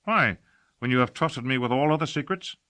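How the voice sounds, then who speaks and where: A man's voice: mid-range voice, animated, fairly quick, sharp tone, voice pushed up. A man reading an audiobook, voicing an inquisitive young male adventurer.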